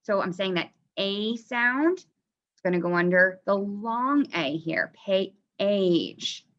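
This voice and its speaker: A woman teacher working through a phonics lesson, stretching out each vowel as she sounds out words. Her voice is bright and her pace unhurried. The recording is a little dull and lo-fi. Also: mid-range voice, expressive. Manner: slow, drawn-out sounding out of vowels.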